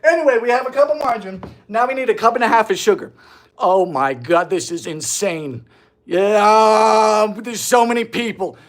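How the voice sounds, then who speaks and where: A man's voice: high voice, brisk. A young man from Bermuda with a mild Bermudian accent, chatting theatrically and jokily while baking on a live stream. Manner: animated, theatrical, jokey. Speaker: baking show host.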